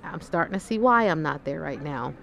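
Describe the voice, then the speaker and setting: A woman physician chatting as a podcast guest, warm and encouraging, telling animated stories. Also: low-pitched, fairly quick, vocal fry, slight background noise. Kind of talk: casual conversation.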